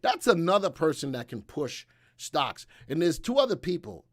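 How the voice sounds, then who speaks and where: A man's voice: on the high side, sing-song, moderate pace, no room sound, clean studio sound. Chatty man hosting a stock livestream. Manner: chatty, rambling with fillers and asides. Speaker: livestream host. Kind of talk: casual market commentary.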